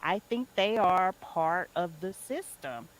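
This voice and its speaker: Slow-talking woman in a casual chat. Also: lowish voice, animated, rough recording. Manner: unhurried, blunt, laughs between points. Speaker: podcast participant.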